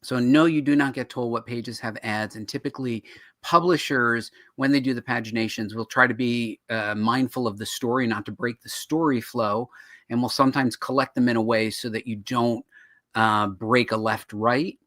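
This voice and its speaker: A man's voice: medium pitch, normal speed, no echo, studio quality. A man co-hosting a show on writing comics, explaining in casual chat and acting out quoted reactions. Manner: animated, acts out quoted reactions.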